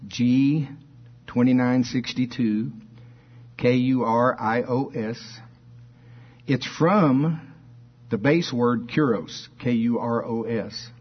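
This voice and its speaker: A man's voice: medium pitch, slightly rough, highs cut off. A man preaching a fervent sermon, reading scripture aloud and firing questions at his listeners. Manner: fervent, emphatic preaching with call-and-response questions.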